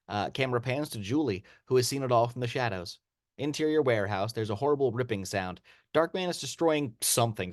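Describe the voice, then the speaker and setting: A man reading a screenplay's action lines aloud as narrator, in steady read-aloud narration. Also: medium pitch, no echo, clean studio sound. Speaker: narrator of stage directions.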